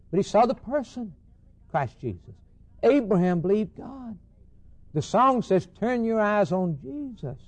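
Guy preaching a sermon, voice swings high then drops way down soft, kinda high pitched. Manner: dramatic preaching, rising and falling, quoting scripture in old wording.

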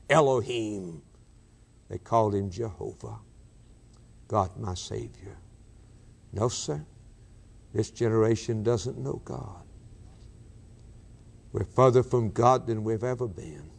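A man preaching a sermon, swinging from raised declarations to hushed, drawn-out lines. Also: on the low side, creaky. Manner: dramatic preaching with sudden swings from loud to hushed.

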